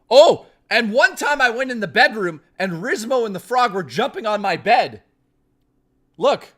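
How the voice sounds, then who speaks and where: Profane, rambling streamer man with a higher voice. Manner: rambling, profane, joking storytelling with frequent restarts. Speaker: livestreamer talking to chat. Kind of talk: casual livestream chat.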